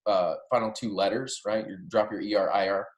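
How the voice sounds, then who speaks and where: A man's voice: on the low side, steady tone, a little fast. Man teaching in an echoey room. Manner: explanatory, checks in with "right?" and "okay?". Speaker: Spanish teacher. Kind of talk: recorded classroom lecture.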